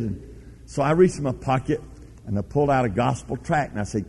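A man's voice: medium pitch, brisk, darkish tone, breathy edge. A man preaches a sermon, spinning a personal story with folksy emphasis. His voice sits in an ordinary middle register. It carries a long reverberant tail from a big hall.

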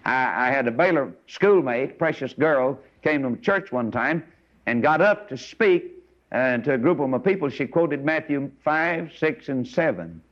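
A man preaching a folksy, animated sermon, telling stories and rising to high exclamations. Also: measured pace. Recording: dull lo-fi sermon recording.

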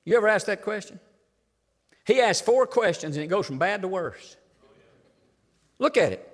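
An older man preaches, his voice high and lively as it swings between punchy emphasis and quiet folksy asides. The tone is bright and edged, and it rings out into a church hall with long reverb. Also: moderate pace, long pauses. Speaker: pastor. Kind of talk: sermon. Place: church sanctuary.

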